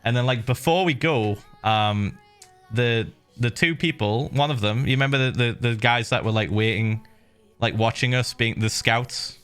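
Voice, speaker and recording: A middle-aged man streaming, casually telling viewers a story with lively laughs and the odd swear. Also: medium pitch, normal speed, smooth, faint music behind.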